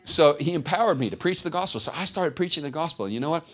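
A man preaching a sermon, telling his own story with lively storytelling and acted-out voices. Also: a little high, fast talker. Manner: animated storytelling, acts out voices. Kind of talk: sermon testimony.

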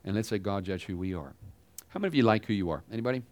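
A pastor giving a sermon in a conversational style, asking the congregation rhetorical questions. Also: male voice, fairly low pitch, animated, rapid-fire, a little mellow.

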